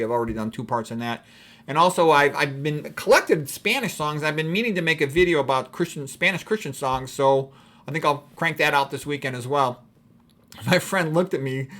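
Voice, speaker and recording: Fast-talking, wry middle-aged man. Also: medium pitch, fairly bright tone. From Chicago. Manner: rambling, wry and frank. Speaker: doctor. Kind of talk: casual personal monologue.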